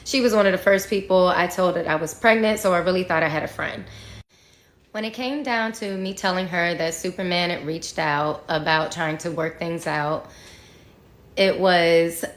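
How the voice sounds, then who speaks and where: A woman's voice: fairly low pitch, normal speed. A woman telling her own story to viewers in a candid, frank way, sometimes swearing, with conversational fillers. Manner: frank and profane, talks straight to viewers.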